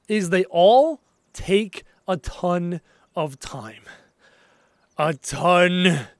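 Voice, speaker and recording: A chatty young Canadian streams a game live, reading viewer messages aloud and replying as he plays in a casual chat. His voice is fairly high for a man, and the recording is close and dry with little sense of room.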